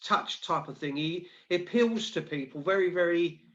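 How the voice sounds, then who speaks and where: A man's voice: sits high, normal speed, fairly bright tone. A man in casual chat, talking earnestly and at length with many restarts. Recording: dull, muffled sound.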